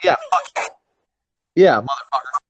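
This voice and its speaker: A man co-hosting a podcast in casual chat. He speaks haltingly, with many fillers and some swearing. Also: medium pitch, wildly swooping pitch, gravelly, highs cut off, crowd noise. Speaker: podcast co-host.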